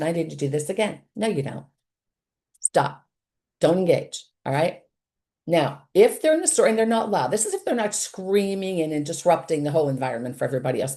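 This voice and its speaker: A woman's voice: fairly low pitch, warm tone. A woman hosting a parenting show, giving emphatic, no-nonsense advice with dismissive asides. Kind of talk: blunt advice monologue.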